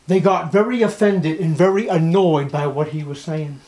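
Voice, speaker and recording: A man preaches at a moderate pace, his fairly high voice carrying a darkish tone. His style is forceful and repetitive, built around rhetorical questions that hammer each point home.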